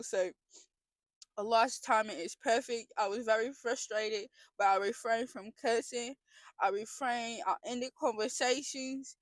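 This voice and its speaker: A woman's voice: fairly high pitch, a little slow, no room sound. A young woman talking in a casual confessional vlog, earnest and emotional, rambling with frequent restarts. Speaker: vlogger.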